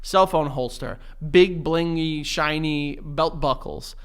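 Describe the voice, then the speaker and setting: A man's voice: a little high, slow pace, clean tone. A man co-hosting a podcast, telling stories in a laid-back way and laughing easily. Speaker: podcast co-host. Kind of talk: casual chat.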